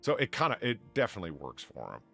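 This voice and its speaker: A man's voice: lowish voice, wildly swooping pitch, fast talker, vocal fry, fairly bright tone, soft background music. A man hosting a livestream podcast, chatting casually and animatedly with fillers and laughs. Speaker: podcast host.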